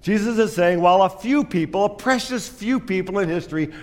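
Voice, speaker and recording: A man's voice: sits high, brisk, big-room sound. A man preaching a sermon as pastor, telling a story with self-deprecating humor.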